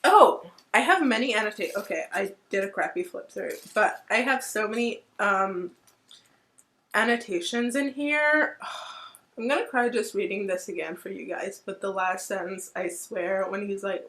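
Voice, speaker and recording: Woman, book vlogger, casual chat, gushing and emotional, bright voice, lots of "um" and "like". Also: mid-range voice, measured pace. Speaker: book reviewer, channel host.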